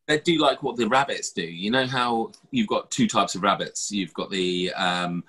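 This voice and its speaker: Man, low voice, husky, rambling casual podcast chat, fillers and swearing. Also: normal speed, a bit bright. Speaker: podcast host.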